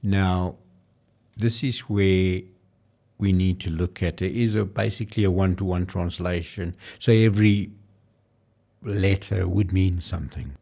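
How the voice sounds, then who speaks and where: A man presenting a casual screen-share language tutorial, explaining and slowly demonstrating how foreign words are pronounced. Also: low-pitched, steady tone, gravelly, dark tone. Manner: explanatory, pausing to demonstrate pronunciations.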